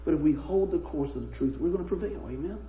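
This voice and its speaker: A man with a high voice preaches in a roomy, echoing space. He mixes scripture with chatty, laughing anecdotes. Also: fast talker, dark tone, slight background noise. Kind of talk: sermon with humorous storytelling. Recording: roomy echo.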